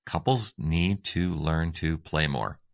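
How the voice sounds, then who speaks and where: A man's voice: very deep voice, slow pace, creaky. A man co-hosting a relationship advice talk show, upbeat and conversational as he shares tips. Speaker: co-host.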